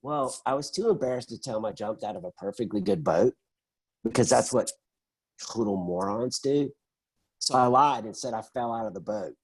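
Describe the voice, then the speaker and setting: A middle-aged man in an interview, telling his story in an animated, conversational way and acting out the voices of the people in it. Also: medium pitch, fairly quick, breathy edge, rough recording. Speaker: interview guest.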